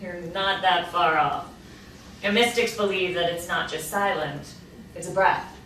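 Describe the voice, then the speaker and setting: A woman's voice: fairly low pitch, unhurried, a bit bright, a little hiss or hum. A woman playing a dry, patient Hebrew teacher, echoey. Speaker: Hebrew tutor. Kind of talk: virtual play reading. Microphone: remote video call mic. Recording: echoey room, distant mic, faint ambience.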